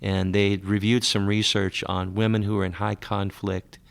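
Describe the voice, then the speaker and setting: Low gravelly male radio host. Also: flat delivery, moderate pace. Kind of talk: radio interview.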